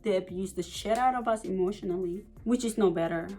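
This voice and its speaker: A young woman from the United States telling a dramatic personal story in a story-time vlog. She talks in an animated, profane rush with constant fillers, at an ordinary middle pitch. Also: fairly quick, faint music behind, poor audio. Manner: animated, profane, many "like" and "you know" fillers. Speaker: vlogger.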